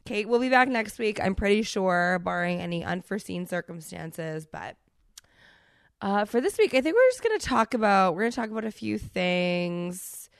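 A woman's voice: medium pitch, lively intonation, moderate pace, vocal fry, no room sound, clean studio sound. A woman in her thirties hosting a solo podcast, talking candidly with a stuffy, congested voice and frequent restarts. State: congested from a cold. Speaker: podcast host.

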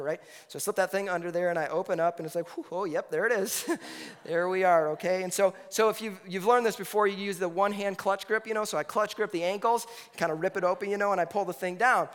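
A man in his thirties preaching a sermon, telling a story in a lively, conversational way with lots of asides. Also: high-pitched, smooth. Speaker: pastor. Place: church hall. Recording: reverberant hall with faint music.

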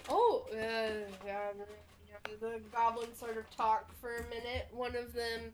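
A woman's voice: fairly high pitch, fairly even intonation, slow pace, a little hiss or hum. A woman narrating as game master in a tabletop game, casual and hesitant with lots of fillers.

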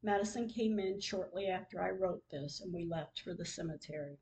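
A woman's voice: on the low side, brisk, a little mellow, rough recording. A woman hosting a podcast, reading her own diary entries aloud in a grieving, emotional way. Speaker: podcast host.

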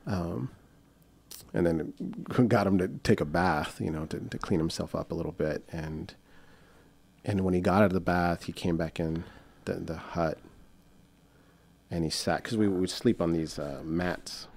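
A man's voice: low-pitched, a little slow, creaky, a little mellow. A young man telling a rambling story in casual chat, with many fillers and restarts, acting out the voices of the people in it. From United States. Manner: acts out quoted voices. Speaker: guest.

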